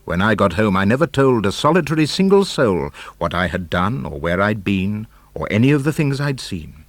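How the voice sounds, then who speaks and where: A man narrating a children's book of comic verse, animated, theatrical and rhythmic. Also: lowish voice, moderate pace, no echo. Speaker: audiobook narrator. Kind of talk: expressive storybook verse reading.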